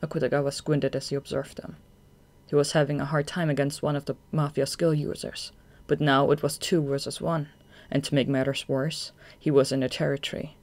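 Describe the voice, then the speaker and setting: Brief: steady fan-audiobook narrator, plain mid-pitched reading. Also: fairly quick.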